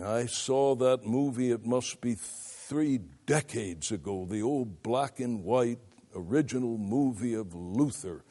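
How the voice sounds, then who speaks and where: An older man lecturing on preaching, his speech slow and measured. His pitch rises and falls widely as he leans into emphatic demonstrations. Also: mellow. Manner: deliberate, emphatic, demonstrates vocal effects. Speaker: preaching instructor.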